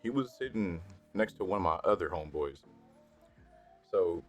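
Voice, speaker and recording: Young man with a very low voice, profane casual storyteller, light music behind. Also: moderate pace. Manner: profane, slangy, animated when worked up. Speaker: storytime vlogger. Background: faint background music.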